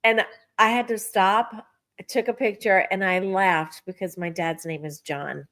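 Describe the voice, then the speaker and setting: A middle-aged woman sits in on a casual spiritual chat and tells a personal story with animation. Her voice sits at a middle pitch, and she acts out her own past thoughts as she goes. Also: steady tone, measured pace, a bit bright. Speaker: podcast co-host.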